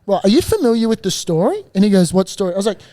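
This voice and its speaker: Man, podcast co-host, casual storytelling, animated, swears, laughs a lot. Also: sits high, racing.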